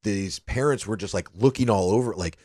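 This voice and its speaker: A man's voice: on the low side, a little fast, mellow, no room sound, studio quality. A man co-hosting a podcast, telling trip stories in a loose, chatty way with plenty of fillers and swearing. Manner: loose storytelling, swears freely, lots of fillers. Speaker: podcast co-host. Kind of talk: casual chat.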